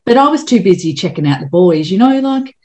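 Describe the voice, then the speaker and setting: A woman's voice: mid-range voice, very animated, brisk, warm tone. A woman in her fifties hosting a podcast, frank and chatty, laughing easily as she reminisces. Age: 50s. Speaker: podcast host. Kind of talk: casual chat.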